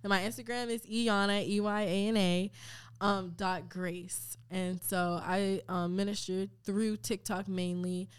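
A young woman in her twenties, a podcast guest talking about faith in a lively, repetitive, emphatic way. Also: mid-range voice, unhurried, smooth. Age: 20s. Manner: animated, repeats phrases for emphasis. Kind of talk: casual faith talk.

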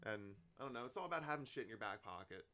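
A young man talks as a podcast guest and stand-up comic. His speech rambles in loose chat, packed with filler words and easy laughter, at a middling pitch. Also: animated, rapid-fire, sharp tone. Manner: rambling, full of "like", laughs often. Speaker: comedian guest. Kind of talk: casual chat.

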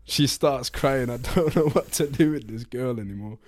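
A young man, a podcast co-host, reading a post aloud in a steady, plain voice. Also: medium pitch, moderate pace, dry recording.

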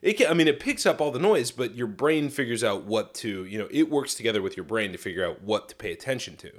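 A young man co-hosts a casual podcast chat, swearing freely and slipping into little acted-out quotes. His pitch rises and falls a lot as he tells the story. He sits at a middle pitch for a man. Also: fast. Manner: animated, swears often, acts out quoted voices. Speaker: podcast co-host.

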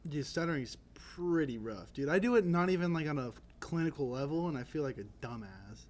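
A man's voice: fairly high pitch, lively intonation, fairly quick, a little mellow. A young man co-hosting a podcast, in casual, crude banter that is profane and full of jokes. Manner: joking, profane, laughs often. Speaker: podcast co-host.

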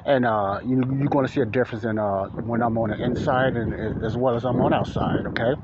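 A man's voice: medium pitch, fairly even intonation, a little fast. Chicago man podcasting outdoors on a phone. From Chicago, USA. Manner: rambling, repetitive, informal. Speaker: podcast host. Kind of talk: casual Christian talk podcast. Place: outdoors in the wind. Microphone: smartphone held close. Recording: dull lo-fi phone audio with loud wind.

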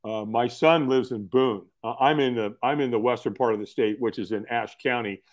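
A man's voice: mid-range voice, normal speed. A middle-aged man, telling his story casually as a podcast guest in an earnest, folksy way. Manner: earnest, folksy, repeats words when starting sentences.

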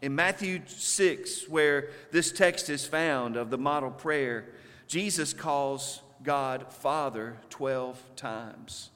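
A man preaching a sermon with a Southern US accent, speaking slowly and deliberately with emphatic pauses. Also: medium pitch, pushed and bright, big-room sound. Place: church sanctuary.

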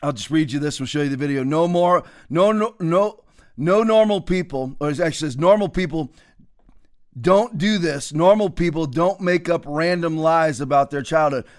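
Male commentary host, high voice, sarcastic and mocking. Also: moderate pace. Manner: mocking, sarcastic, laughs often. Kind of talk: political commentary show.

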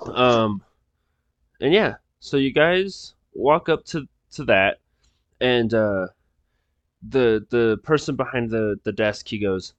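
A man narrates a tabletop game as its game master, casual and rambling. His voice sits in a middle pitch and the recording is dry and close. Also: animated, slow pace, no room sound.

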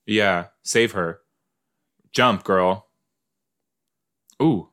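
Podcast guy watching an episode, lowish voice, slow and chatty, talks back at the screen. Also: a bit bright, smooth. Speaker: podcast host. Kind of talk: casual watch-along commentary.

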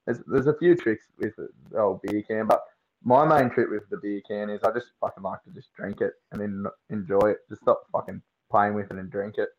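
A young Australian man with a fairly low voice talks loosely and swears often, spinning rambling stories in broad slang. His voice comes through dull and lo-fi. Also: moderate pace, a little mellow. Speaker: podcast guest. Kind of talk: casual chat.

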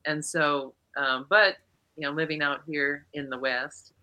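A woman's voice: sits low, fairly even intonation, measured pace, sharp tone, muffled recording. A woman in her sixties from South Dakota, chatting casually as a guest on a video call and laughing often. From eastern South Dakota. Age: 60s. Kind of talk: casual chat.

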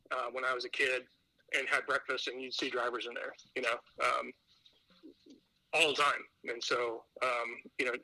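A man's voice: mid-range voice, sharp tone, no room sound, poor audio. A man chatting as a podcast guest, telling rambling stories full of fillers and restarts. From Indiana. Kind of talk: casual chat.

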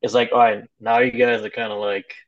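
A man's voice: fairly low pitch, flat delivery, fairly quick. Young guy cohost agreeing along, kinda muffled lo-fi audio. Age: young adult. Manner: chimes in with short agreements, laughs along. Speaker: podcast co-host. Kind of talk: casual political chat.

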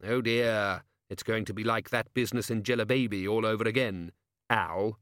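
A man voicing a calm, drily ironic male ruler in an audiobook. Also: on the low side, moderate pace, smooth, dry recording, clean studio sound, close to an everyday voice. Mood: dry. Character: calm, dry-witted male city ruler in disguise.

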